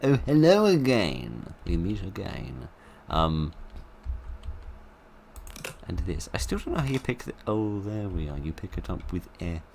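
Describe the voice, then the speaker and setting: A man with a very low, deep voice talks through a horror game in a wry, playful way, full of rambling jokes and asides. A steady hiss of background noise sits under his voice. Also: a little slow, vocal fry, pauses often. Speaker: gaming video host. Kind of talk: let's play commentary.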